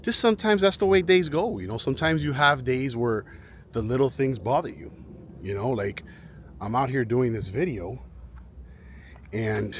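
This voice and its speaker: A man vlogs in casual chat to camera from a residential neighborhood, his mid-range voice fairly bright. Slight background noise accompanies his rambling, as he keeps restarting sentences and repeating himself.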